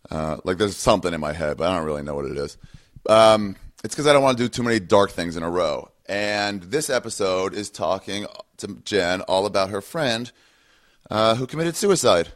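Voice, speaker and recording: A man's voice: sits low, animated, moderate pace. A man hosting his podcast, rambling through a casual intro with many ums and uhs. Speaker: podcast host.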